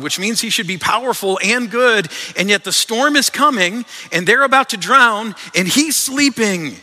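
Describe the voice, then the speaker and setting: A pastor with a high-sitting, bright, forceful voice preaches a sermon into a microphone, with long reverb from a large hall. He's earnest and conversational, often repeating his words as he goes.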